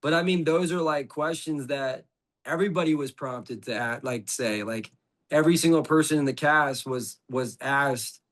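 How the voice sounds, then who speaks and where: A man's voice: on the high side, moderate pace, fairly bright tone. A middle-aged man, a podcast guest, telling a story in casual conversation, rambling with lots of "like" and restarts.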